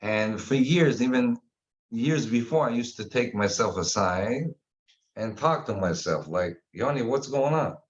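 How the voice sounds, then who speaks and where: Man, animated storyteller, casual guest chat, muffled sound. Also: mid-range voice, unhurried. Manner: animated storyteller, acts out quotes. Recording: dull lo-fi sound.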